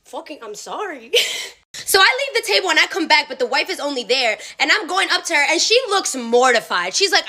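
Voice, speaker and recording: A young woman telling a casual storytime monologue in a sassy, profane, animated way. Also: sits high, a little fast. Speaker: TikTok storyteller.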